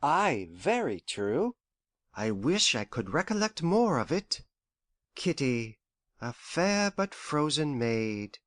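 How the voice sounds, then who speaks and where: An actor playing a gentle, anxious elderly father who frets and complains softly in an audiobook. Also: on the high side, sing-song, takes it slowly, no room sound, studio quality, heavily acted. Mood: fretful. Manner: worried, lingering, softly complaining. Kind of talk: audiobook character voice.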